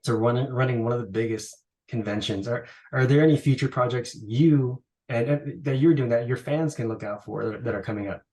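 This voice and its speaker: A man's voice: mid-range voice, fairly quick, few pauses, a little mellow. Casual male interviewer. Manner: conversational, asks long rambling questions.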